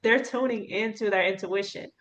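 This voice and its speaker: A woman's voice: mid-range voice, moderate pace, highs cut off. A woman hosting an interview, speaking candidly and conversationally and laughing easily. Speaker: podcast host. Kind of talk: casual interview chat.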